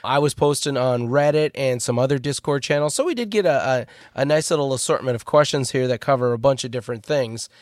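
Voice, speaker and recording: Guy hosting a geeky podcast, gets excited, loses his train of thought, super dry sound. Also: medium pitch, fairly quick, hardly any pauses, no room sound. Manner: animated, trails off mid-thought. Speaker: podcast co-host. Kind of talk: casual chat.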